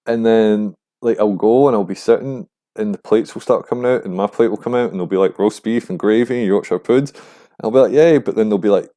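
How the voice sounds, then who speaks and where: Young guy rambling on his podcast, low warm voice, swears a lot. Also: brisk. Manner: rambling, profane, animated when mimicking others. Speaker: podcast host. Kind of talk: casual monologue.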